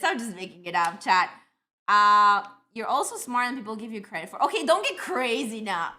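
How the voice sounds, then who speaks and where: A woman's voice: on the high side, animated, normal speed, pushed and bright. A young woman with a Colombian accent, long living in Canada, chatting casually with her stream audience and telling rambling, self-deprecating stories. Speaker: livestreamer.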